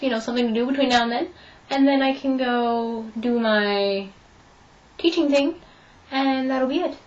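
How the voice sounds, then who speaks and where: Chatty young woman, slightly high voice. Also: moderate pace, dull audio, slight background noise. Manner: chatty storytelling, acting out both sides of conversations. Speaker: vlogger. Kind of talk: casual vlog update.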